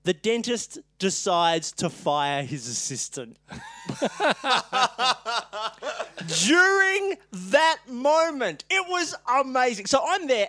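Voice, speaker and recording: A podcast co-host telling a story in casual chat, animated, laughing often and swearing freely. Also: medium pitch, no echo.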